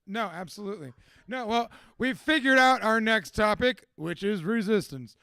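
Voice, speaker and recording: A man's voice: high-pitched, expressive, moderate pace, creaky, pushed and bright, clear, resonant tone, no echo. A young man hosting a live community event at a tattoo shop, giving casual, rambling, profane closing remarks and laughing often. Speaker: event host and MC.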